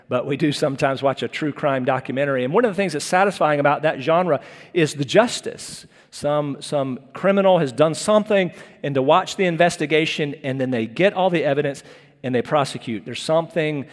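A man's voice: on the high side, in a large hall. A man preaching an earnest, conversational sermon as pastor, often restarting his phrases.

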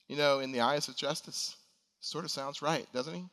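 A pastor delivers a sermon with an earnest, pleading intensity, his bright, forceful voice carrying through a church sanctuary. A long reverb trails each phrase, as from a large hall. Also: on the high side, normal speed. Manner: earnest preaching, rising to emphatic appeals.

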